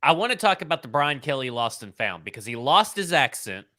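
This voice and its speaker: Bright, sharp-toned man talking sports. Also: medium pitch, very animated, no room sound. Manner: skeptical, quick questions. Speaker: podcast co-host. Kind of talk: casual sports chat.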